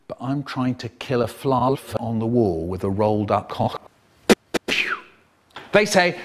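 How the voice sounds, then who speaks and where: Animated man telling a comic story. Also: mid-range voice, normal speed. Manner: animated, exaggerated expressive delivery.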